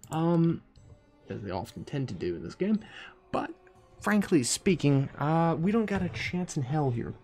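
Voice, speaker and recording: A man's voice: mid-range voice, dark tone. A man giving casual, profane commentary while playing a strategy game, thinking aloud with dry asides. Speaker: gaming commentator. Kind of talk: casual let's-play commentary.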